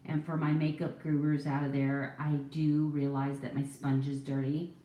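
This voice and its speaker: A woman's voice: low voice, flat delivery, moderate pace, dark tone. Chatty woman in her forties, roomy sound. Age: 40s. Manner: chatty, rambling, self-deprecating. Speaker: vlogger. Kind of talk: casual get-ready-with-me chat. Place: at home doing her makeup.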